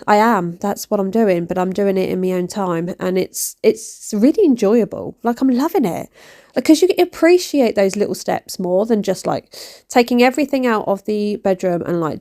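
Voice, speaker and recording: A woman's voice: medium pitch, normal speed, gravelly. A woman, rambling and poking fun at herself in a cleaning vlog voice-over. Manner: rambling, self-mocking, animated. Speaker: vlogger. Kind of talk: chatty voice-over while cleaning.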